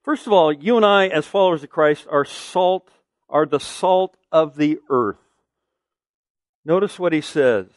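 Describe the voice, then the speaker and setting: A man's voice: fairly high pitch, dry recording, studio quality. A man preaching a sermon as pastor, emphatic, asking the listeners questions and answering them.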